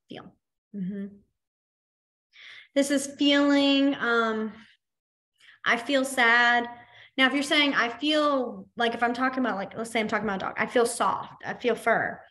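Lady teaching beginners, chatty, fills with um and like, slightly high voice. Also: fairly bright tone. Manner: chatty and demonstrative, lots of fillers. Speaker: sign language instructor. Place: library classroom.

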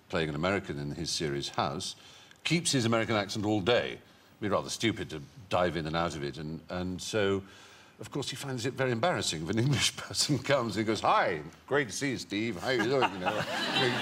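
A man's voice: low-pitched, fairly bright tone. A male talk show guest telling long, witty anecdotes full of playful asides. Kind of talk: anecdotal chat show storytelling. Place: TV studio with a live audience.

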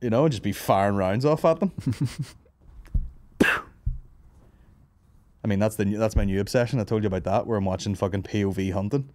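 A man's voice: lowish voice, a little fast, pauses often, a little hiss or hum. A young man hosting a comedy podcast, telling stories with lots of swearing and laughing asides. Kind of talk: casual banter.

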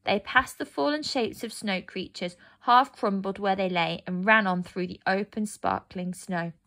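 A woman narrating a fairy tale aloud, gentle and expressive. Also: medium pitch, unhurried. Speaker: storyteller. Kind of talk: storybook narration.

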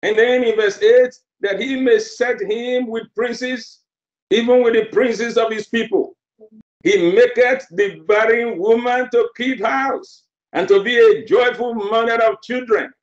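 High-voiced man preaching slowly, echoey. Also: steady tone. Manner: emphatic, repeats phrases for effect. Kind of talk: sermon. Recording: roomy, dull lo-fi sermon recording.

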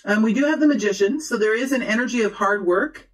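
Speaking quickly in a slightly high voice, this woman offers a loose, rambling tarot reading straight to camera. She is chatty and encouraging, often restarting and leaning on fillers, and the audio quality is rough.

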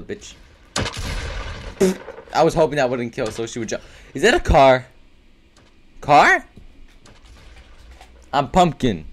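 A man narrating his own gameplay as it happens, swearing and trash-talking in an excitable way. His pitch swings widely from line to line, staying at a medium height. A faint hiss sits under his voice. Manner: excitable, profane trash talk. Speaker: gaming video creator. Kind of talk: live gameplay commentary.

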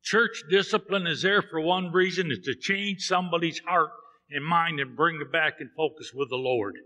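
Bright-voiced preacher in a reverberant church. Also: male voice, a little high, normal speed. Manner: storytelling preacher, voicing characters in dialogue. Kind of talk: sermon. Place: church sanctuary.

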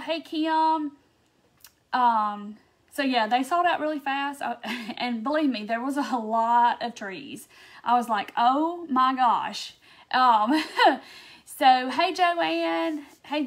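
A woman's voice: high voice, a bit bright. A woman from Mississippi with a Southern accent, hosting a live crafting stream and chatting in a bubbly way as she greets viewers by name. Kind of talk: casual live-stream chat.

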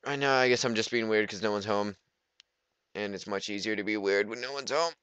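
A man's voice: lowish voice, a little fast, a bit bright, clean tone, dry recording. A teenage boy giving rambling, goofy let's play commentary, talking to himself as he plays. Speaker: gamer.

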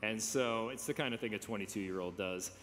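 A man in his fifties preaching a sermon, conversational with gentle humor and emphatic stresses. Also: on the low side, a little fast, a little hiss or hum. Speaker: pastor. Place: church sanctuary. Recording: reverberant church sanctuary.

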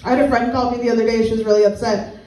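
Brief: young female stand-up comic, crude and deadpan, fairly high voice, echoey club, audience laughing. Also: rapid-fire. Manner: blunt, crude, deadpan delivery. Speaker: stand-up comedian. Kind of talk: stand-up comedy set with crowd work. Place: small comedy venue with a live audience. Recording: echoey room, mic at a distance, audience laughter. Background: crowd laughing.

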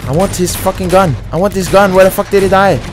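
A man giving profane let's-play commentary as he plays, trash-talking enemies with loud outbursts. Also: sits high, fast talker, soft background music. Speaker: gamer streamer.

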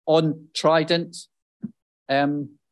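A man speaking off the cuff on a policy panel, talking conversationally with many asides and quick self-corrections. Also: fairly high pitch, flat delivery, no room sound. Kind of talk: unscripted panel discussion answer.

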